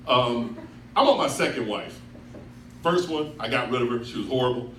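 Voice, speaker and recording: A man's voice: medium pitch, lively intonation, normal speed, a bit bright. A man in his thirties telling a laid-back stand-up story on a club stage into a handheld mic. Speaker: stand-up comedian. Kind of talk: stand-up set. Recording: echoey club from far off. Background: room noise and audience.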